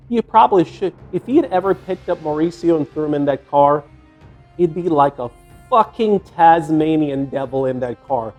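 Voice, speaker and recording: An older man spins a loose, profane story from his youth in a slightly high voice, circling back with fillers and restarts. Soft music plays faintly under his talk. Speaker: fitness vlogger. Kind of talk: casual storytelling.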